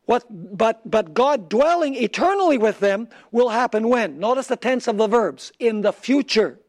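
A man with a high voice preaches a sermon. He asks the congregation questions and answers them himself, and he slows down to read scripture with care. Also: expressive. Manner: reads scripture slowly and deliberately.

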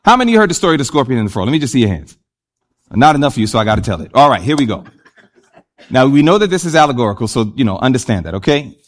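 A man preaching a sermon, animated and speaking directly to the congregation. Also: mid-range voice, racing.

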